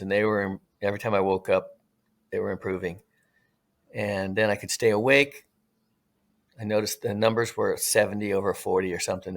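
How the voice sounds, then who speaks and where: A middle-aged man from Southern California, a retired firefighter and podcast guest, telling his story in an earnest, reflective way, drawing out some phrases slowly. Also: lowish voice, fairly bright tone. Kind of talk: casual storytelling.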